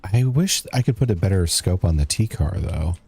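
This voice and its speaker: A man's voice: low-pitched, expressive, moderate pace, gravelly, warm tone, breathy edge. A male streamer giving casual, joking commentary while playing a video game. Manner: laid-back, joking, laughs at the game.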